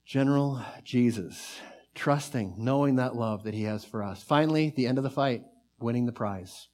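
A man preaching a sermon, fervent and earnest, surging up in bursts and dropping to soft, drawn-out lines. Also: mid-range voice. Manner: fervent, pace and volume swell then drop to soft near-whisper.

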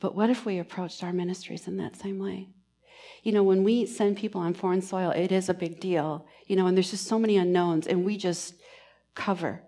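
A woman giving a sermon in church, earnest and pastoral, moving between emphatic lines and hushed, almost whispered ones. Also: on the low side, steady tone, normal speed. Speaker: preacher.

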